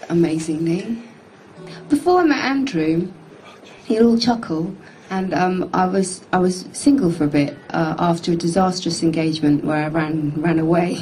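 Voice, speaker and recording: A woman's voice: on the low side, mellow, rough recording. A woman in her thirties hosting a casual studio live stream, chatting in a rambling, self-mocking way. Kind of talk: casual chat. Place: music studio.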